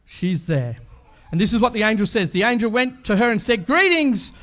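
A man's voice: high-pitched, fairly quick, a bit bright. A man preaching a sermon in a chatty way, full of asides and rhetorical questions.

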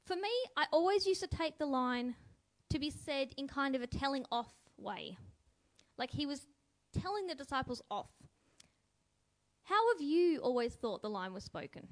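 Woman, reflective devotional talk, high voice, animated pitch, musing, questioning tone. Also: normal speed. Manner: musing, asks listeners questions, lively voice for quotes. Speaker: devotional speaker.

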